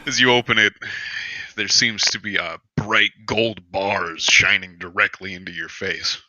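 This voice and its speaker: Bright-voiced man narrating a tabletop game. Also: low voice, fairly even intonation, no room sound, rough recording. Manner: halting narration with many uhs. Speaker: game master.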